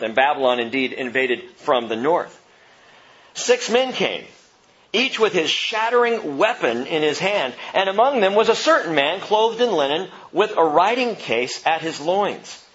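A man preaching a Bible teaching sermon, reading expressively with loud emphasis and hushed drops. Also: fairly high pitch, slightly rough, lo-fi sound. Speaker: pastor.

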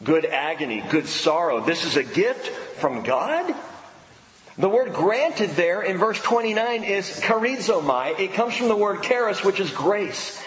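A man preaching a sermon in a church, emphatic, pausing dramatically on key words. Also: high-pitched, big pitch swings. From United States. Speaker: pastor. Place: church sanctuary. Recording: echoey hall with long reverb.

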